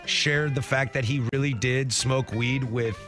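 Guy on sports radio, middle voice, gets all excited telling stories, bit of music low underneath. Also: measured pace. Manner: animated, enthusiastic storyteller. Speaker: radio co-host. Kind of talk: casual sports radio storytelling. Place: radio studio.

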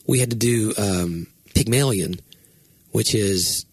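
A middle-aged man, a pastor co-hosting a podcast, talking casually in a rambling, self-correcting way with sudden excited jumps in pitch. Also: slow, slightly rough, dry recording. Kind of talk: casual chat.

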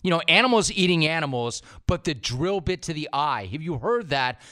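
A man hosting a sports podcast, confident and smooth, running through picks and questions. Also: fairly high pitch, expressive, moderate pace, sharp tone. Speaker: podcast host.

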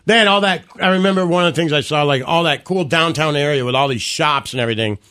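A man co-hosting a talk show, telling stories in a relaxed, chatty way. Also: a little high, fast, smooth. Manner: storytelling, relaxed, uses "you know" a lot. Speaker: co-host. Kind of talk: casual studio chat.

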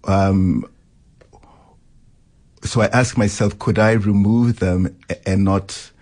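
A man's voice: sits low, steady tone, slow, darkish tone. A man, a novelist, being interviewed on radio and answering thoughtfully about his writing. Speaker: novelist guest.

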